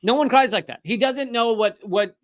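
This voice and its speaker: A man's voice: very high voice, moderate pace. A man hosting a live political comedy show, ranting sarcastically and mocking officials in put-on voices. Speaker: comedian host.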